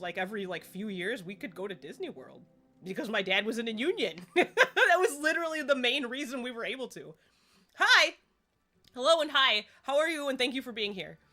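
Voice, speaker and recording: A woman's voice: medium pitch, bright, forceful tone. A woman live-streaming a game in casual chat, rambling along and laughing often. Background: faint game music.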